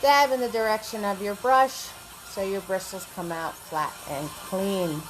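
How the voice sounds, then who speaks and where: A woman leads a live painting class as a paint party instructor, chatting with viewers and greeting them by name while she works. Her voice is medium-pitched and unhurried. The rough recording has a little hiss or hum, with faint music behind.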